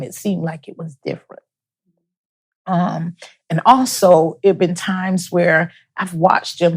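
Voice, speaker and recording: A woman with a fairly low voice speaks as an interview guest, giving personal testimony as a bereaved mother. She is soft-spoken and halting, often repeating her words.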